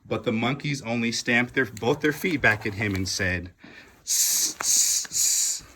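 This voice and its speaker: A man reading a children's picture book aloud, slow and animated, calling out the characters' lines. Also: mid-range voice, slight background noise. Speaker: storybook reader.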